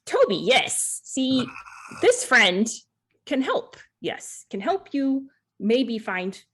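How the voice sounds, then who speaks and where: Woman doing a proud dragon guy, breathy, slow broken grand talk. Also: on the high side, big pitch swings, a bit bright, heavily acted. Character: proud male dragon, halting speech.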